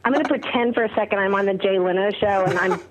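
A woman's voice: medium pitch, quick pace, slight background noise, rough recording. A woman on a podcast panel, giggling as she talks in casual banter. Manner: giggly, laughs while talking. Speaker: podcast co-host.

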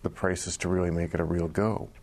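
A man chatting as a guest on a talk show, animated and chatty. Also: low-pitched, a little fast, vocal fry. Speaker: guest journalist. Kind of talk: casual chat.

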